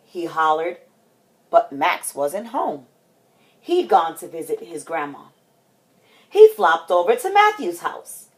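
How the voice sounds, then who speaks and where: A woman reading a children's picture book aloud, expressive and dramatic. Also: on the low side, slow pace, pauses often. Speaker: storytime host.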